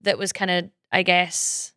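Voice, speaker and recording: A woman podcast host with a smooth, clear voice pitched a little low. She asks thoughtful, winding questions in a casual interview style, full of fillers. The sound is close and dry. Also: flat delivery, measured pace, bright, forceful tone, no echo.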